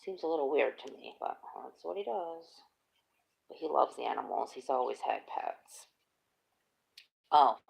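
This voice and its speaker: A middle-aged woman hosting a casual chat, telling animated stories and laughing often. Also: rumbling low, unhurried, gravelly, long pauses. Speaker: host.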